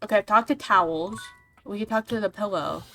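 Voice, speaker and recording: A young adult woman chats casually while streaming a game, reacting quickly and excitedly. Her voice sits at a mid pitch. Faint music plays behind her. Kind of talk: casual livestream commentary over a game.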